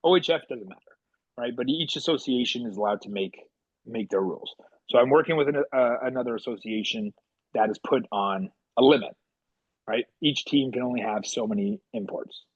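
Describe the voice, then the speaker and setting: A man co-hosting a podcast, telling animated stories and acting out the quotes with sudden jumps in pitch. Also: normal speed, breathy edge, dry recording, dull audio. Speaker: podcast co-host and goalie coach. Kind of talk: casual storytelling chat.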